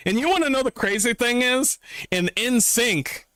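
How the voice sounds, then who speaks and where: A man streaming from his room, giving excitable, profane reaction commentary and mocking people with voices. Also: very high voice, normal speed, smooth, no room sound, clean studio sound. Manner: excitable, swears often, mocks with voices.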